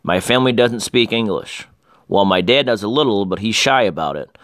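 A man voicing a shy, gentle young girl who talks softly in a storybook reading. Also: on the low side, expressive, normal speed, dry recording, studio quality. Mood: confiding. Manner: soft, gentle.

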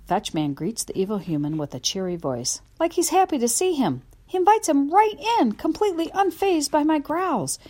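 A woman's high-pitched voice runs at normal speed with hardly any pauses as she narrates a children's audiobook. The story unfolds in first person from a dog's view, told in a lively, expressive manner.

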